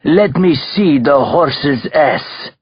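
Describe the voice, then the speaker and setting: A man's voice: fairly high pitch, expressive, very slow, husky, no echo, muffled recording, pitched above the performer's own voice, full character voice. A man voicing a vengeful older Russian crime boss with a heavy Russian accent, in an audiobook thriller. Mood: contemptuous.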